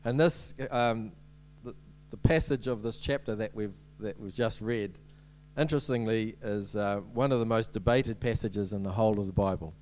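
A man's voice: fairly low pitch, moderate pace, darkish tone, a little hiss or hum. A man giving a sermon as a preacher, in a conversational way with many ums and restarts and light humorous asides.

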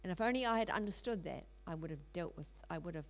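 A woman's voice: fairly low pitch, lively intonation, fast talker. A middle-aged woman telling a story in a sermon, earnest, with frequent ums and restarts. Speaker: speaker in a church teaching series.

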